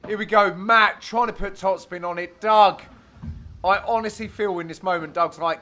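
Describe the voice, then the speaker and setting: A man giving jokey voice-over commentary on his own amateur match, teasing his friends with sudden loud exclamations. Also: high voice, fairly even intonation, normal speed. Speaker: player and commentator.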